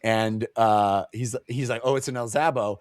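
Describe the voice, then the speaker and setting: A man co-hosting a casual book discussion, animated and acting out characters in funny voices. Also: fairly low pitch, normal speed, dry recording, clean studio sound. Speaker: podcast co-host.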